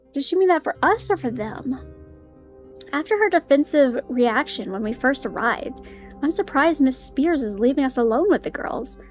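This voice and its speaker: A young woman streaming a visual novel, reading the narration aloud with giggly, easily spooked commentary. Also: sits high. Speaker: game streamer.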